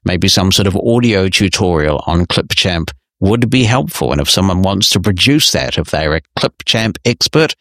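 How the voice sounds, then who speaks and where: A man with a fairly low voice hosts a podcast and works through listener emails. He answers in a measured, friendly, explanatory manner. The sound is dry and close, with no room echo. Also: animated, a bit bright. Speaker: podcast host.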